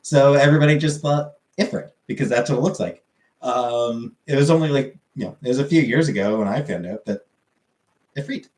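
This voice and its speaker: A man chatting casually as a streamer, answering viewer comments in a halting, rambling way with lots of fillers. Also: mid-range voice, darkish tone, echoey room, poor audio.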